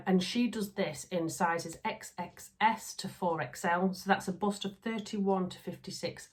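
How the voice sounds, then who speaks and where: Yorkshire woman in her thirties, gushing casual vlog chat, a little low-voiced. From Yorkshire, England. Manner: chatty, gushing, rambling with many fillers. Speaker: sewing vlogger.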